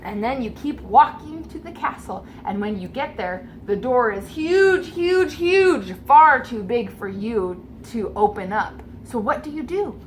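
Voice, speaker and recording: A woman runs a tabletop adventure for a child, narrating with animated, gently coaxing warmth. Her voice sits a touch higher than most women's, with a faint hum of ambience behind it. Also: a little slow, few pauses. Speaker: game master.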